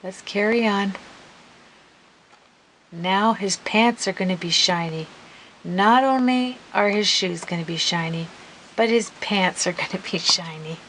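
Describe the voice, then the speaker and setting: A middle-aged woman chatting casually as she works on a crafting video, murmuring softly and then breaking into giggles and apologies. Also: medium pitch, unhurried, pauses often, a little hiss or hum, low-quality recording. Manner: soft murmuring while working, bursting into laughter and giggly apologies. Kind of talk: casual crafting tutorial chat. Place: home craft room. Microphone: camera mic.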